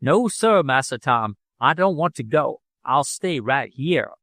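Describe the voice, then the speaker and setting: A man's voice: mid-range voice, expressive, unhurried, a bit bright, no room sound, clean studio sound. A man voicing a timid, faithful old male servant, pleading and frightened in an audiobook. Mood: fearful.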